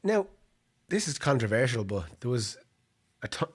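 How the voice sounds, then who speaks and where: A man's voice: medium pitch, sing-song, normal speed, slightly rough. An Irish man co-hosting a podcast, chatting casually and laughing often. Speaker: podcast co-host. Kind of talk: casual chat.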